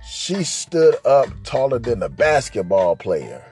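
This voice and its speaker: In a slow, sing-song delivery with few pauses, a man hosting a podcast spins a crude comic tale, looping back on himself and often asking "right?" His voice is mid-range with a darkish tone, over soft background music.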